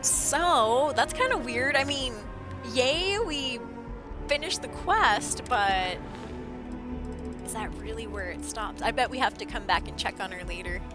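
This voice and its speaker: A woman livestreaming a game, chatting excitedly to her viewers while losing her voice. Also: on the high side, unhurried. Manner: chatty, excitable, talks to chat. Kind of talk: casual gameplay commentary. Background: game music.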